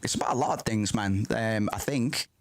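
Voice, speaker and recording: Excitable rambling man, dry sound. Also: fairly low pitch, moderate pace, dry recording. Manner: rambling, excitable, swears often, self-interrupting. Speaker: streamer reacting to a film. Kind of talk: casual reaction commentary.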